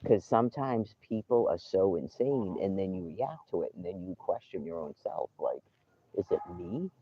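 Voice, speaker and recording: A man's voice: deep voice, lively intonation, moderate pace, a little hiss or hum. A man live-streaming from a campsite outdoors, talking casually and ranting with indignation and swearing freely. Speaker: livestreamer. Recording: tinny phone-like live stream.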